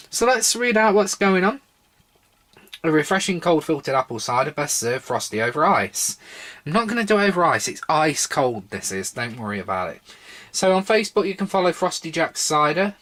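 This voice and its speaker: A young man with a slightly sore throat and a few drinks in him talks through a drink review at his own pace. His voice sits at an ordinary middle pitch, and he wanders off into wry, chatty asides. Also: a bit bright. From Britain. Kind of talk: casual solo review vlog.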